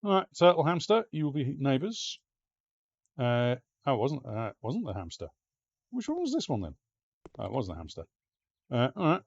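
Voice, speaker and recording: A man giving let's-play gameplay commentary as a streamer, excitable, swearing and talking to the game's pets. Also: mid-range voice, normal speed, pauses often, slightly rough, lo-fi sound.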